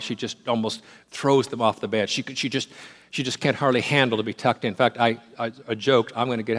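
A man preaching a sermon, emphatic and repetitive, swinging between rising fervor and quiet, hushed moments. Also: mid-range voice. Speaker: pastor.

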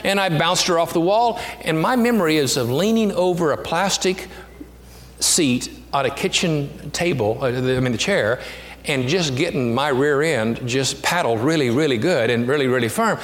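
A pastor preaching a sermon, telling a childhood story, climbing to animated peaks and sinking to a hushed near-whisper. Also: male voice, a little high, moderate pace. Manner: storytelling, rising to animated peaks with self-deprecating humor; drops to a hushed near-whisper on intimate lines. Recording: long hall reverb, faint background noise.

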